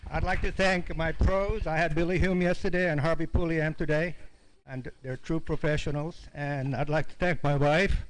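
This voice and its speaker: A man's voice: fairly high pitch, steady tone, normal speed, low-quality recording. An older man, an amateur angler, earnestly thanking his partners and his wife.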